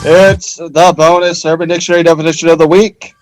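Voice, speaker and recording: Man co-host, mock-formal announcer bits, slightly raised pitch, dry mic. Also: level tone, a little fast, dry recording, soft background music, rough recording. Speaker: podcast co-host. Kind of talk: crude comedic banter.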